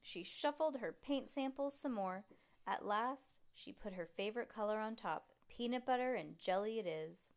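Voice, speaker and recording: A woman's voice: fairly high pitch, normal speed. Woman reading a children's book aloud. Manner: lively, voices the characters, chats and laughs between passages. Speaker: reader.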